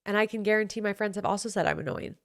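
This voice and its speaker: A woman's voice: mid-range voice, rapid-fire, gravelly. Blunt, sassy woman with a Utah accent. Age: 20s. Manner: blunt, sassy, swears freely. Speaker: podcast host. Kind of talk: casual advice chat.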